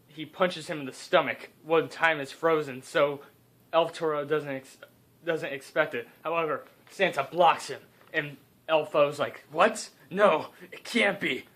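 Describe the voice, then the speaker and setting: A man's voice: on the high side, fairly even intonation, measured pace, a bit bright. Rambling young man improvising a story. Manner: rambling, self-interrupting, joking asides.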